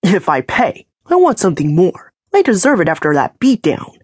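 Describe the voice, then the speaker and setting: A woman doing a defiant, beaten-up young man in an audiobook, pushy and blunt, speaking in a lowish, breathy voice. The delivery swings widely in pitch, recorded close and dry. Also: big pitch swings, moderate pace, darkish tone, no room sound. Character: combative battered young man, defiant and demanding.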